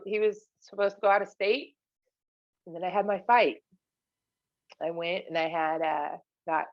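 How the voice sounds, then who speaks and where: A woman's voice: fairly low pitch, dry recording, muffled recording. A woman guest on a podcast telling her own story in a candid, casual way, with many fillers and restarts as she quotes the people around her.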